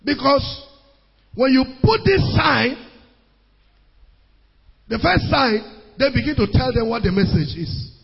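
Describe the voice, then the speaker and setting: A man preaching a sermon, calling out to his congregation, rising into sing-song shouts. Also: extremely high pitch, lively intonation, slow pace, creaky, pauses often, slightly rough. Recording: muffled hall recording with long reverb.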